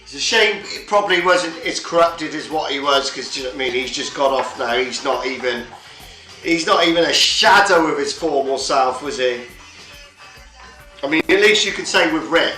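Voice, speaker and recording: A man's voice: on the high side, sharp tone. A man chatting casually on a livestream, swearing often and rambling from point to point. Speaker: livestream host. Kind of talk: casual chat. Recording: roomy echo, faint music behind.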